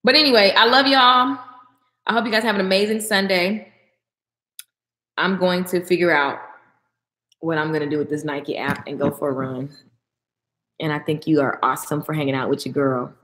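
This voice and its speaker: A young adult woman hosts a casual livestream with a reverberant sound, answering comments at a moderate pace broken by long pauses. She's animated, talking back to viewers and going high in pitch when excited.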